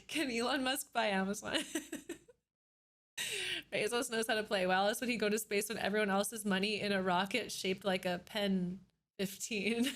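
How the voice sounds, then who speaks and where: A bubbly woman live streamer chats with her viewers from her computer, giggling as she greets people by name. Her voice sits high and sounds bright and crisp. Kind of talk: casual live-stream chat.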